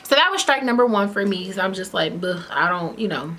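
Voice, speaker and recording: A woman's voice: mid-range voice, fast. A woman in her twenties telling a casual storytime in a chatty way, filling her talk with "like" as she retells a bad date. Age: 20s. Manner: chatty, many "like" fillers, lively retelling. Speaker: vlogger.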